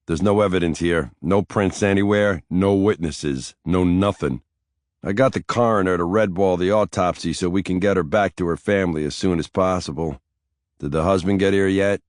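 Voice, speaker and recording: A gruff, blunt big-city detective with a low, plain-spoken voice, as an audiobook narrator puts him on. He talks in short, hard sentences, recorded dry and close. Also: fairly even intonation, normal speed, no echo, natural voice. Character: blunt big male police detective, middle-aged.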